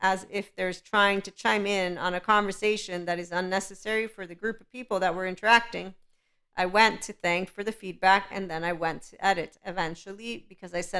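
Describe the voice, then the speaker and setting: A woman's voice: medium pitch, fairly even intonation, moderate pace, fairly bright tone, smooth. A woman hosting a podcast, talking unscripted in a rambling, emphatic and candid way, often checking in with "okay". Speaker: podcast host. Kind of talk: unscripted solo podcast monologue.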